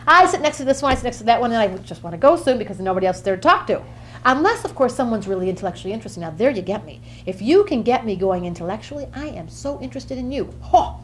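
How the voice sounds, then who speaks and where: A woman's voice: a little high, very animated, quick pace, slight background noise. A woman acting out a bubbly, quirky Gemini woman who jumps from topic to topic in a comic monologue. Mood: chatty. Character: chatty flighty Gemini woman, easily bored.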